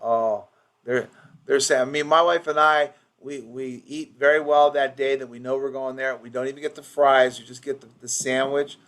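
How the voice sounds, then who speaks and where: A man running a loose training session for office staff over a recorded call. He talks in a rambling way, restarting sentences and slipping into quick impressions of patients. His voice sits at an ordinary middle pitch. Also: steady tone, fairly bright tone. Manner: rambling, with many restarts and acted-out patient quotes.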